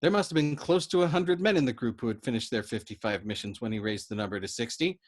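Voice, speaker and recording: A man voicing a frantic, agitated young male bomber pilot who blurts out loud, excitable outbursts in a storybook reading. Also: mid-range voice, fast talker, natural voice.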